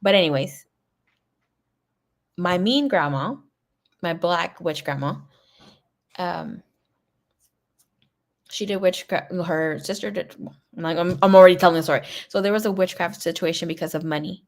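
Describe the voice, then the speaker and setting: A woman's voice: lowish voice, moderate pace, long pauses. A woman tarot reader chatting casually on a livestream, telling rambling stories full of swearing and laughter. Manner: chatty, profane storytelling; laughs often.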